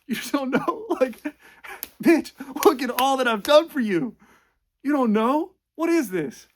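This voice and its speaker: A man mocking a clingy, melodramatic young man who pleads loudly and whines in exasperation. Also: high-pitched, fast, creaky, voice pushed up. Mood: exasperated. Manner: whiny, exasperated, loud pleading.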